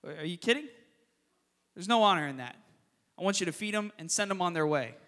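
Guy preaching in a church, really high voice, long hall echo, gets loud then goes quiet fast. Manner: lively storytelling preacher with sudden loud emphasis and hushed asides. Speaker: pastor. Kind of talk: sermon. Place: church sanctuary.

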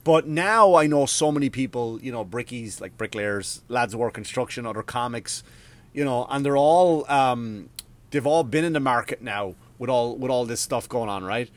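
A man, maybe, hosting a podcast in a profane, rambling, animated rant. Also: medium pitch, moderate pace. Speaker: podcast host. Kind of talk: casual ranting monologue.

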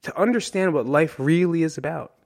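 A man's voice: on the high side, a little fast, vocal fry, a little mellow. A man from New Jersey hosting a podcast in a solo monologue, candid and emotional, swearing freely and ending his points with "right?". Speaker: podcast host.

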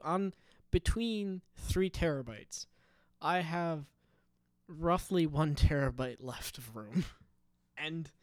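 Rambling man on a dry, clear mic. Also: a little high, dry recording. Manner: meandering, self-interrupting, giggly. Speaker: podcast host. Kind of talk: rambling solo podcast. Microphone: studio microphone.

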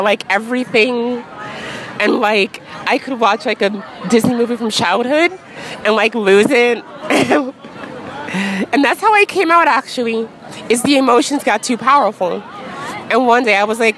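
A woman in her thirties speaking frankly in a casual street interview, full of "like" and quick laughs. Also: fairly high pitch, fairly bright tone, poor audio. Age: 30s. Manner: frank, chatty, peppered with "like" and laughs. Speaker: interview guest. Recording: crowd noise outdoors.

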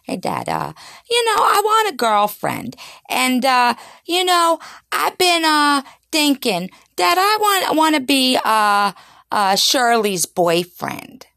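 A woman's voice: high voice, big pitch swings, takes it slowly, creaky, pushed and bright, no room sound, clean studio sound, voice pushed up, heavily acted. Naive lovesick boy, as a woman plays him. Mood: hesitant. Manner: innocent, hesitant, pleading.

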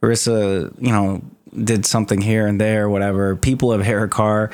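A man's voice: fairly low pitch, flat delivery, moderate pace, darkish tone. A young man telling rambling, profane stories and laughing often as a podcast co-host in casual chat. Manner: profane, rambling storyteller who laughs a lot.

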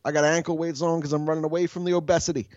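A man's voice: fairly high pitch, level tone, very fast, a little mellow, no room sound, dull audio. A young man co-hosting a podcast, telling profane, self-mocking stories in a casual chat. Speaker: podcast co-host.

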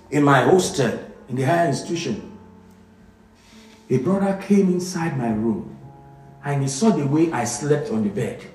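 A middle-aged man, preaching an emotional sermon with dramatic swings from loud emphasis to hushed, quiet lines. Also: a little high, recorded from a distance. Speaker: pastor. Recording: echoey room with music behind.

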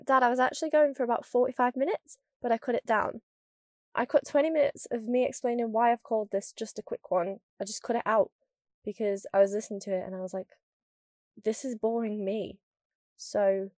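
A young woman from northern England with a mild northern accent, hosting a podcast as a casual chatty monologue and rambling quickly with lots of "like". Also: fairly high pitch, a little mellow, dry recording, clean studio sound. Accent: mild northern English. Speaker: podcast host.

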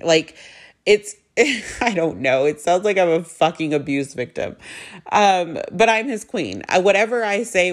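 A young woman with a low voice tells a personal story for her vlog in a casual, chatty way. She uses lots of fillers and swearing and acts out both sides of her conversations.

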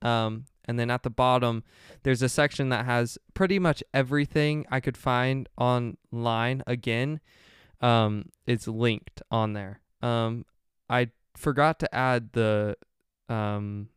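A man's voice: medium pitch, clean tone, dry recording, studio quality. A young man hosting a solo podcast, rambling along with many fillers and frequent self-corrections. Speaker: podcast host.

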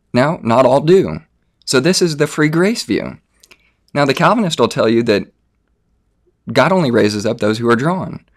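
Earnest man arguing theology, low-pitched. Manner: earnest, explanatory, with frequent fillers and restarts. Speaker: theology debater. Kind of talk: casual theological argument.

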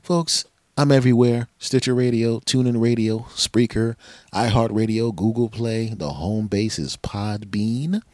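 A man's voice: on the low side, a little slow, darkish tone, no echo, clean studio sound. A man hosting his own podcast, telling a rambling comic story in a profane, sarcastic way. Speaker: podcast host. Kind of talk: comedic solo monologue.

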